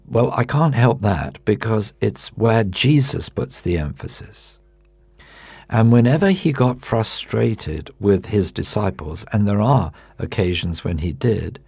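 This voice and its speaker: Slow, gravelly-voiced male preacher. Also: low-pitched, a little mellow, no room sound. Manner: measured, emphatic preaching with quoted scripture. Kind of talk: sermon.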